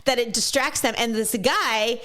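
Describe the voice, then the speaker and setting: A woman's voice: fairly high pitch, normal speed, pushed and bright. Chatty middle-aged woman podcaster. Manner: chatty, explanatory, agrees and builds on points. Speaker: podcast co-host. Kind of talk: casual chat.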